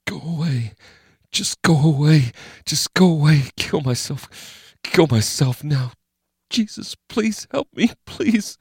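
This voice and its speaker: A man doing a terrified young man who pleads in a strained, breaking voice, far higher than his own. The tone is panicked and desperate. The sound is dry and close. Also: animated, takes it slowly, darkish tone, husky, no echo, exaggerated voice. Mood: desperate pleading.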